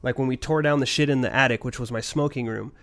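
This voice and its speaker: A man's voice: medium pitch, fairly even intonation, fast talker, fairly bright tone. Profane man telling a rambling story. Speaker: podcast co-host. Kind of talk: casual podcast chat.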